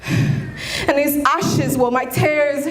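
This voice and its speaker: A woman performing an impassioned spoken word poem, at times shouting and lilting into a sing-song delivery. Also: high voice, very slow. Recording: echoey room with faint ambient noise.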